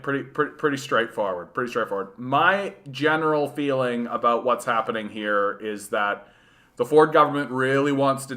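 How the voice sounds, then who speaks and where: A man's voice: medium pitch, sharp tone. A Canadian man hosting a casual political livestream, rambling, repeating words and answering chat. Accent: Canadian English. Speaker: livestream host.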